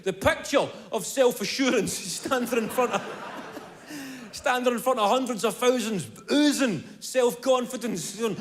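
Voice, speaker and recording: A man's voice: very high voice, measured pace. A young Scottish man performing a stand-up comedy set, swearing and rambling as he tells his story. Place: large venue before a live audience. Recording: roomy hall with loud crowd.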